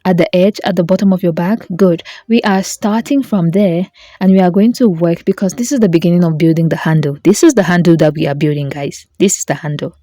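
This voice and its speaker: A woman with a lowish, mellow voice leads a hands-on craft tutorial in a chatty, playful way. She talks straight to her viewers, jokes along the way and corrects herself as she goes. The sound is dry and close, with no room around it. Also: brisk, no echo. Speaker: beading tutorial host.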